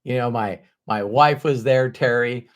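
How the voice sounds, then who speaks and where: A middle-aged man speaking as a motivational speaker, telling a personal story candidly, with sudden loud animated bursts. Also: medium pitch, a little slow.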